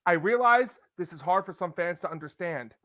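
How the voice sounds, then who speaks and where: Male podcast host, lively and opinionated, dry close sound. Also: sits high, normal speed, dry recording. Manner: animated, ranting, breaks into impressions. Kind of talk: casual opinionated chat.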